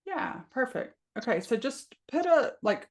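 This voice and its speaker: A woman coach speaking gently and slowly, guiding a client through a coaching session over a video call. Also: high voice, very animated. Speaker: IFS coach.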